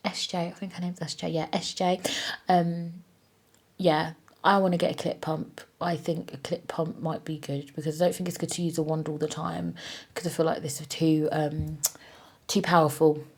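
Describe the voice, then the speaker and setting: A woman's voice: fairly low pitch, darkish tone. A woman hosting her own podcast, talking in a candid, casual way with plenty of swearing and fillers. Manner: candid, chatty, swears freely, many fillers. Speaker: podcast host. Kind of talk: casual solo podcast chat. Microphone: own podcast microphone.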